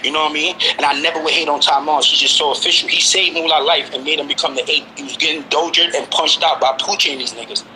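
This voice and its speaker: Talking fast with few pauses, a guest from Brooklyn in his forties holds a fairly even intonation in a voice on the high side. Heated and insistent, he hammers his point with repeated questions over background noise.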